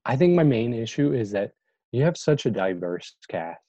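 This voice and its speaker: A man's voice: mid-range voice, very animated, normal speed, mellow, no echo. A man co-hosting a casual movie review chat, easygoing and hesitant, often trailing off. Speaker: podcast co-host. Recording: dull dry lo-fi sound.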